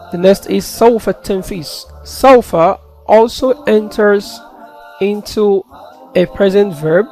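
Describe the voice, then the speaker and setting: High-pitched guy walking through a grammar lesson, explains every term step by step. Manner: steady, explains then translates each term. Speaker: Arabic grammar teacher.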